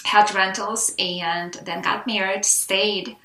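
A woman's voice: medium pitch, slow pace, reverberant, low-quality recording. A middle-aged woman from the Soviet Union with a Russian accent, chatting as a guest in an interview and acting out the people she quotes. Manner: animated storyteller, acts out quotes. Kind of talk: casual interview chat.

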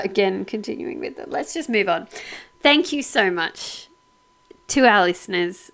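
A woman's voice: medium pitch, a bit bright. A woman co-hosting a casual podcast, chatting and laughing often, sounding grateful as she thanks listeners. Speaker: podcast co-host.

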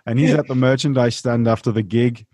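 A man's voice: medium pitch, steady tone, brisk, mellow, dry recording. A man hosting a show, chatting casually and telling anecdotes with frequent restarts. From Germany, near Munich. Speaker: show host. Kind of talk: casual interview chat.

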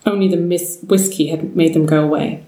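A woman narrating a story aloud in a measured, steady way. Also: on the low side. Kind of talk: storybook reading. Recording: roomy, distant mic.

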